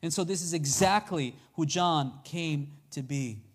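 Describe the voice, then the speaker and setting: A man's voice: fairly high pitch, measured pace. A man preaching a sermon in a conversational way, often asking his listeners questions. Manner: conversational, asks the congregation questions.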